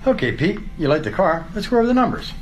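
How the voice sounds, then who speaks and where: A man voicing a smooth adult male car salesman in a comedy skit clip, calm and matter-of-fact as he haggles. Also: sits high, fast talker, pitched above the performer's own voice. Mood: sly.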